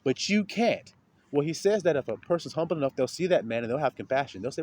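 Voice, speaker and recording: A man delivers an informal street sermon, profane and colloquial, lurching from loud outbursts to low asides and acting out the voices of those he quotes. He's animated and fast, and there's a little hiss or hum.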